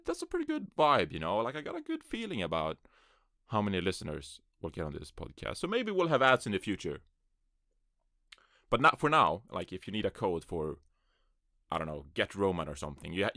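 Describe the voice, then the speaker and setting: A low-pitched man with a sharp tone comes through on a dry recording of studio quality. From a small closet, he hosts his first esports podcast by himself on a USB mic, rambling offhandedly and tossing in digs at himself.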